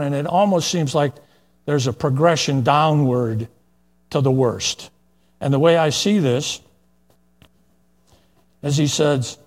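An older man preaching a plain-spoken, folksy verse-by-verse sermon, with asides and fillers as he reads scripture. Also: fairly high pitch.

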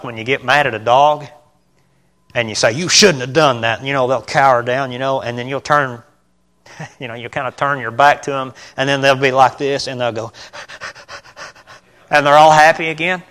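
Middle-aged male lay preacher, informal church sermon, earnest and stumbling with loud outbursts, bright edge. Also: medium pitch. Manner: earnest, halting, self-correcting, with sudden loud bursts.

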